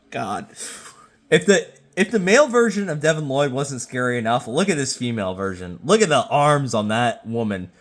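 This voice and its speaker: A tipsy man talks loosely into his phone at home, repeating himself and tripping over words. His casual delivery now and then jumps into loud, excited outbursts. His voice sits at an ordinary middle pitch. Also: moderate pace. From Jacksonville, Florida. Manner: rambling, stammering, with bursts of excited loudness. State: tipsy from drinking. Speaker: YouTube host. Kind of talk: casual rating commentary.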